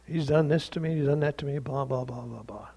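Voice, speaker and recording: A bitter wife airs her grievances in a whining, aggrieved voice, as a preacher puts her on. The tone stays gravelly and husky, dismissive and hurt. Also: medium pitch, brisk, mellow.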